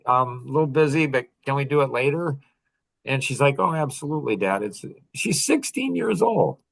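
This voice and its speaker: In a creaky, medium-pitched voice with a bit of brightness, a middle-aged man hosting a podcast relays a personal story. He's casual, earnest, and confessional, laughing softly between phrases.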